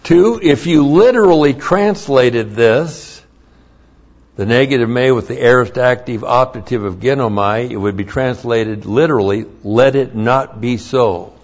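A man teaching a Bible lesson slowly and emphatically, repeating each key point. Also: medium pitch. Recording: dull lo-fi recording.

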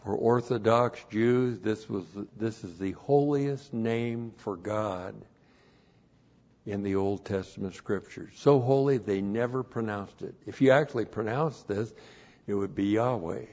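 A man teaching a verse-by-verse Bible lesson in a deliberate, emphatic way, stressing key words. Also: lowish voice, a little mellow, lo-fi sound.

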